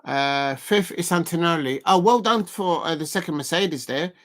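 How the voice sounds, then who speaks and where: A man with a South London accent, hosting a live race watch-along and commenting in a rambling, halting way with many fillers. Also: fairly high pitch, fairly bright tone. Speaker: live stream host.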